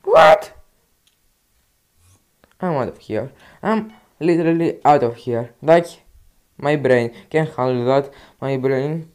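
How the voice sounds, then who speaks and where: A man's voice: mid-range voice, unhurried, a little mellow, clear, resonant tone. A young man with a Greek accent, commentating his own gameplay and swinging between frustrated mutters and outbursts. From Greece. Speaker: gaming YouTuber.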